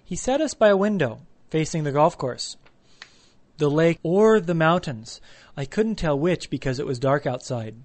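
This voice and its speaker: Male narrator, wry comic storytelling, slightly higher pitch. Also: lively intonation, moderate pace, a little mellow.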